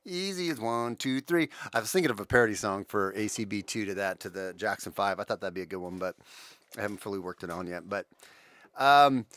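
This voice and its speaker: A man's voice: on the low side, fast, a bit bright, no echo. A man hosting a casual livestream, talking with viewers in a rambling way with many restarts. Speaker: livestream host.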